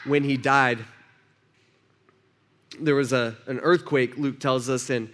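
A man's voice: mid-range voice, steady tone, slow pace, a bit bright. A male pastor preaching a sermon in a church, talking with the room, asking questions and acting out the people in his story. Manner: conversational, asks the room questions, acts out quotes.

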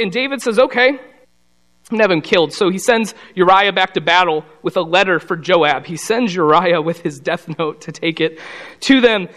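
A man's voice: sits high, a bit bright. A man giving a casual Bible study talk, telling the story conversationally and briefly voicing the characters. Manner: conversational storytelling, slips into quick voices for the characters.

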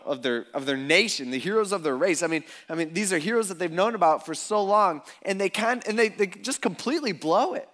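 A man's voice: high-pitched, a bit bright. A man preaching a sermon in a casual, conversational, jokey way. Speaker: pastor.

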